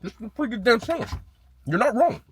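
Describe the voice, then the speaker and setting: A man's voice: extremely high pitch, sing-song, fast talker, breathy edge, no room sound. A man reviewing chain restaurant sandwiches in a casual vlog, blunt and swearing freely as he rates them. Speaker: food vlogger.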